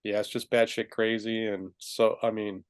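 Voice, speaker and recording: A man co-hosting a casual film review chat, laughing often and acting out movie lines in quick high voices. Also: flat delivery, smooth. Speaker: podcast co-host.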